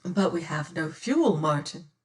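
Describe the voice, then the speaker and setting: Timid young noblewoman, soft and pleading, voiced by a woman, unhurried, recorded a little off-mic. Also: low-pitched, expressive, recorded from a distance. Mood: anxious. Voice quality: soft and hushed. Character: frightened, gentle young noblewoman.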